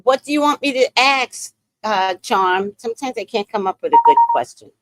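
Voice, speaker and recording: A New York woman hosting a live stream keeps up casual, blunt commentary, cursing freely and laughing often. She has a fairly high, lively voice at normal speed, with no room sound.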